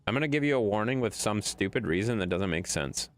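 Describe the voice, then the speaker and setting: Talking fast while he plays, the Wisconsin streamer is blunt and profane with his viewers and argues back at chat. His lively delivery swings widely in pitch.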